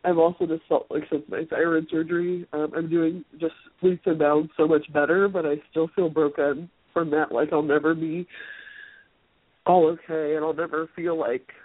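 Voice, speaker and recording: A woman taking part in a guided session, speaking softly and hesitantly, full of pauses and restarts. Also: low voice, fairly even intonation, breathy edge, no echo. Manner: hesitant, soft, many fillers and restarts. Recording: tinny phone-line sound, dry.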